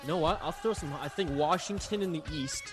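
Fast-talking, profane man in casual chat. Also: a little high, over music. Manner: profane, animated storyteller. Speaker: podcast guest, network host.

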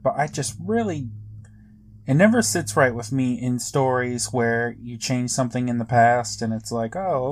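A man co-hosting a podcast, reacting to a TV episode in a relaxed, wry way. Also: mid-range voice. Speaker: podcast co-host. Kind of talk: casual chat reacting to a TV episode.

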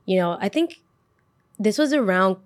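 A woman's voice: mid-range voice, lively intonation, normal speed, no echo. Young woman host, casual storyteller, chatty and dramatic, dry close mic. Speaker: podcast host.

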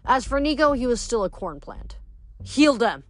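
A woman's voice: on the high side, big pitch swings, fairly quick. Woman reading a novel aloud. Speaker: audiobook reader.

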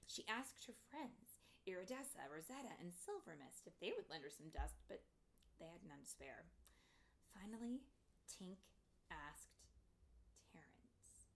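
A young mother reading a storybook aloud to her child, often dropping to a hushed whisper. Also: fairly low pitch, big pitch swings, unhurried, gravelly.

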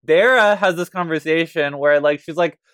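A man guesting on a podcast in casual chat, animated with quick asides. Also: fairly high pitch, clean tone, no room sound, clean studio sound.

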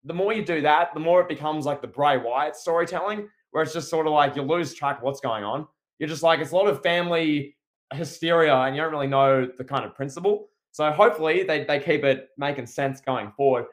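Young man, somewhat higher voice, co-hosting a casual wrestling talk show. He hams up mock indignation and teasing asides, then drops back into easy chat. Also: fairly quick. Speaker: podcast co-host.

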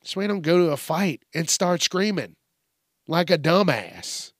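A man's voice: measured pace, no room sound, studio quality. A man hosting a podcast who rants casually with lots of swearing and talks in a groggy early-morning voice. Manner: profane, animated, mimics people in high yelps. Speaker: podcast host. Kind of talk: casual solo rant.

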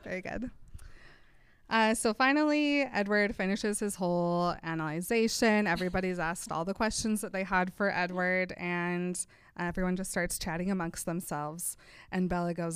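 A woman with a smooth, clean voice chats through a story recap, often breaking into laughter as she acts out little quoted lines. The recording is close and dry, with no room sound around her. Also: lowish voice, moderate pace, no room sound. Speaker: podcast co-host. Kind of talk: casual chat retelling a book.

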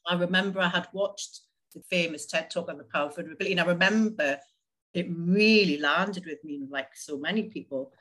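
A woman's voice: lowish voice, a little fast, fairly bright tone. A woman telling her personal story in an interview, chatty, with frequent laughs and many fillers. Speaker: interview guest.

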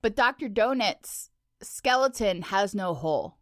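A woman's voice: mid-range voice, animated, measured pace, no room sound, clean studio sound. A woman co-hosting a podcast, recapping a cartoon episode in casual, playful chat. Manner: chatty, giggly, playful. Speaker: podcast co-host.

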